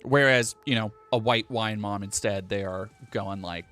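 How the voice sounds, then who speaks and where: A man's voice: on the low side, normal speed, fairly bright tone, soft background music. A man from New England doing live-stream commentary, ranting in a profane, heated way.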